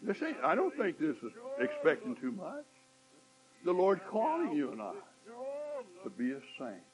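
A man preaches a sermon, his pitch sitting a little high and his level swinging from quiet murmurs to shouted lines. He repeats phrases and draws out the lines he wants to land. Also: huge pitch swings, moderate pace, low-quality recording. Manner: swings from hushed to shouting, mimics complaining voices.

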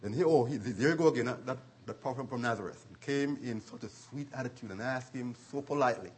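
A man preaching a sermon, retelling scripture stories with chuckles and dramatic slowdowns. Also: mid-range voice, a little mellow, breathy edge.

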